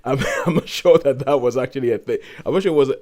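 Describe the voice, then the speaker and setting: A man co-hosting a podcast, giving an animated, exasperated review in casual chat and acting out quotes in sudden high voices. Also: quick pace. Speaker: podcast co-host reviewing a series.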